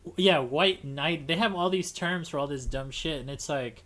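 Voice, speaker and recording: A man's voice: a little high, normal speed, a bit bright. A man hosting a casual livestream conversation, talking in a rambling way with many restarts and fillers. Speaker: podcast host.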